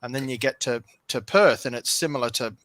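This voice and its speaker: A man's voice: medium pitch, fairly quick, a bit bright, no room sound. A man from Australia with an Australian accent, chatting casually on a stream, easygoing and rambling with frequent ums. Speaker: stream host. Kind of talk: casual chat.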